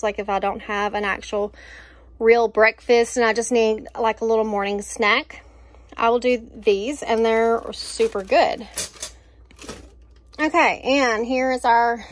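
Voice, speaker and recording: A woman's voice: on the high side, fairly even intonation, a little slow, slight background noise. A woman, chatting casually and enthusiastically about her groceries, with lots of fillers. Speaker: vlogger showing a grocery haul. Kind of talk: casual chat.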